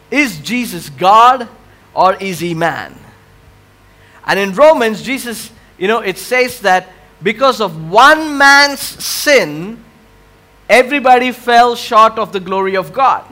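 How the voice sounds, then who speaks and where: A male pastor in full sermon mode, his voice pitched high and bright with a ringing edge. He takes his time, drawing the congregation in with questions and call-and-response, then swells into loud impassioned cries before dropping low and quiet again.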